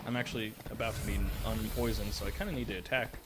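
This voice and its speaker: A man's voice: fairly low pitch, steady tone, fast, few pauses, very noisy. A young man giving casual live gameplay commentary, joking at himself and swearing often. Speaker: streamer.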